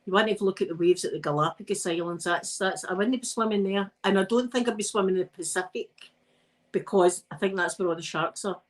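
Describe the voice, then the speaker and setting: A woman's voice: mid-range voice, fast, rough recording. A Scottish woman chatting on a live stream while she irons, telling rambling stories and laughing often. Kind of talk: casual chat while ironing.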